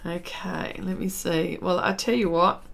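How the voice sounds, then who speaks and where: A woman's voice: fairly low pitch, steady tone, unhurried, vocal fry. An Australian woman live streaming her drawing, chatting casually, reading viewer comments aloud and laughing often. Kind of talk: casual chat while drawing.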